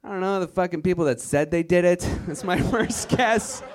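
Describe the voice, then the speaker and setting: A man's voice: sits high, normal speed. A man from Virginia doing a stand-up comedy set on a club stage, mocking the voices of the people he describes. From Virginia, USA. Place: comedy club stage before a live audience.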